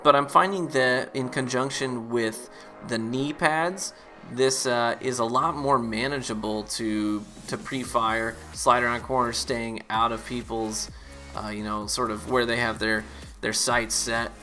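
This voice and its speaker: A man giving relaxed, chatty gameplay commentary as a streamer. He uses lots of fillers and laughs easily. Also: mid-range voice, measured pace, faint music behind. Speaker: gaming YouTuber and streamer.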